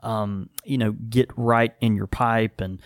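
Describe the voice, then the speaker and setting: A man's voice: on the low side, steady tone, slow pace, no echo, clean studio sound. A man hosting a casual podcast about pipe tobacco, rambling with many fillers and laughing easily. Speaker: podcast host. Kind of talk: casual chat.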